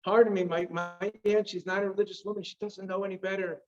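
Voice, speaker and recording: A man voicing an embarrassed young man who apologizes haltingly. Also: sits high, little pitch movement, a little mellow, close to an everyday voice. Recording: dull lo-fi recording.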